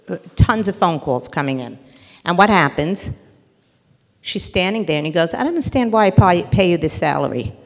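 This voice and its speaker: A woman therapist giving a parenting lecture to a live audience, animated and acting out little scenes as she teaches. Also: low voice, big-room sound. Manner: animated, acts out little scenes with quoted voices.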